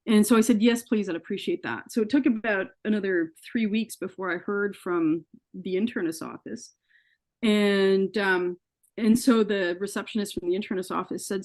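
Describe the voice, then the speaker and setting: A woman's voice: mid-range voice, moderate pace, a little mellow. Earnest woman guest, retells her ordeal and voices the quoted dialogue. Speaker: interview guest. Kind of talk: personal story in an interview.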